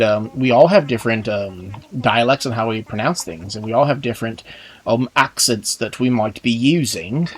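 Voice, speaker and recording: A man's voice: medium pitch, slightly rough. A young man from Texas with a Texan accent, casually commenting on a game in a rambling, chatty way full of filler words. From Texas, USA. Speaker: gaming channel host.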